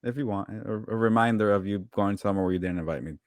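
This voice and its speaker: A man co-hosting a podcast and working as a sports reporter, teasing his co-host in quick banter. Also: lowish voice, no echo. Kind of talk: casual chat.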